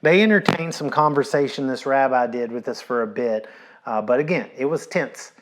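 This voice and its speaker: Pastor guy preaching, mid-pitched, chatty storytelling, repeats himself for emphasis. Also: moderate pace. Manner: conversational storytelling with repeated phrases and casual asides. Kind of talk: sermon.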